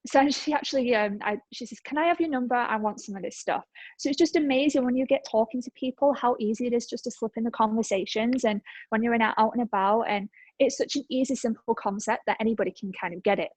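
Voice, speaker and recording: A woman's voice: on the high side, fast talker, a little mellow, husky, no echo, rough recording. A woman in her thirties presents on a group call, telling her story in an upbeat, chatty way full of fillers. She sounds slightly out of breath. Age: 30s. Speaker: network marketing presenter. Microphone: call microphone.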